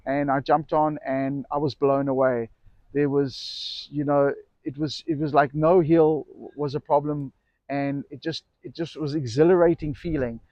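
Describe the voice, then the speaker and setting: A man's voice: on the high side, fairly even intonation, unhurried, a little mellow, dry recording, lo-fi sound. A middle-aged man who runs an e-bike shop, telling a personal story casually to camera, rambling and correcting himself as he goes. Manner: rambling, self-correcting anecdote with acted quotes.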